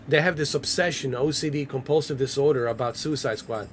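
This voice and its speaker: A man's voice: mid-range voice, fairly quick, a little hiss or hum. A man casually commenting on a game during a livestream, loose and joking as he banters with his chat. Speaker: gaming livestreamer.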